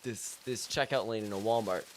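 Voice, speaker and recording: A male live streamer rambling through an improvised silly story for his chat, stammering and restarting, with bursts of loud shouting. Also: lowish voice, steady tone, moderate pace, a little hiss or hum. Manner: goofy, stammering with many restarts.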